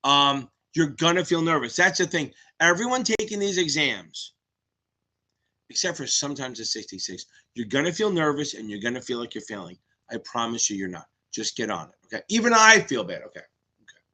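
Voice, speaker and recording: A man in his fifties hosting a live exam Q&A stream, talking fast, cursing and rambling. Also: mid-range voice, sing-song, sharp tone. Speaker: exam tutor, stream host.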